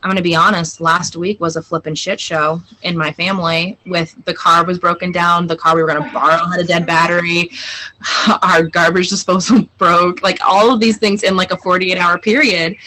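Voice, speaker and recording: A woman in her thirties, a guest on a video-call interview, telling animated stories about her family. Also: lowish voice, normal speed, a little hiss or hum, poor audio. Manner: animated storyteller, acts out family dialogue. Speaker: guest, client. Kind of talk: casual interview chat.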